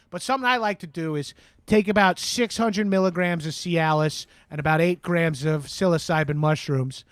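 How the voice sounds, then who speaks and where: A man's voice: sits high, no room sound, clean studio sound. A man playing a crude, boastful radio host with a Long Island accent, taking calls on a comedy show. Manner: boastful, crude, swaggering, lots of swearing and "bro". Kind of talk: improvised comedy call-in show.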